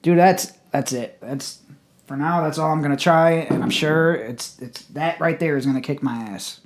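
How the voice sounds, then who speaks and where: A man casually reviewing a hot sauce on his channel, blunt and profane, with loud exclamations. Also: fairly high pitch, normal speed.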